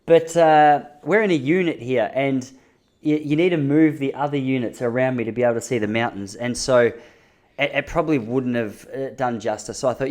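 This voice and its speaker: A man's voice: mid-range voice, brisk, darkish tone. An Australian man in his thirties hosting a podcast, talking casually and rambling in self-mocking asides with frequent restarts, recorded in a holiday apartment lounge room. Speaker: podcast host. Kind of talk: casual solo monologue.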